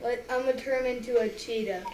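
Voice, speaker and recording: A woman's voice: on the high side, fairly even intonation, a little fast, a little mellow, distant mic, a little hiss or hum. Playful woman in an echoey room. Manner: playful, giggly. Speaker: player. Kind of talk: playing a tabletop game.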